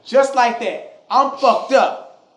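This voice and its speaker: A man voicing an angry father scolding his teenage son, loud and threatening, recorded in an echoey room. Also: very high-pitched, slow, slight background noise, pitched above the performer's own voice, heavily acted. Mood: furious.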